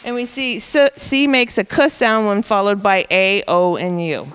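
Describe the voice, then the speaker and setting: A woman's voice: mid-range voice, a little slow, fairly bright tone, clean tone, in a large hall. A woman teacher patiently explaining reading rules to educators, step by step.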